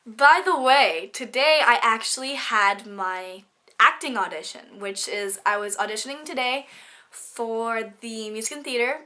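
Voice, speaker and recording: A woman's voice: fairly high pitch, pushed and bright. Bubbly teen girl, stuffy with a cold. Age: teens. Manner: bubbly, gushing, rapid chatter. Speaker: student vlogger. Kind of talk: casual vlog chat.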